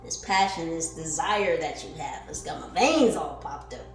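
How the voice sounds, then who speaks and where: Speaking at normal speed in a deep voice, a woman reads tarot cards, alternating quiet, reflective questions with loud, energized outbursts. She voices affirmations and curses casually, recorded in an echoing space with soft music in the background.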